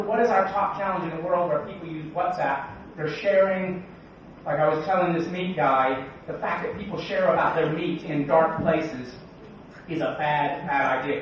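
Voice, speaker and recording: Energetic man speaking in an echoey hall. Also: on the high side, a little hiss or hum. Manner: joking, energetic, quizzes the audience. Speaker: conference speaker. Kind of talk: keynote talk. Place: large conference hall. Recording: echoey hall, distant, dull sound.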